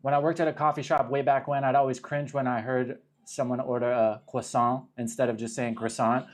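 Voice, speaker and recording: A man's voice: medium pitch, flat delivery, brisk. A young man from Arizona talks loosely through a livestream Q and A, trailing off mid-thought and dropping curses as he goes. His voice sits in an ordinary middle range. He keeps it casual and conversational. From Arizona, USA. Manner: rambling, profane, self-interrupting. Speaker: livestream host.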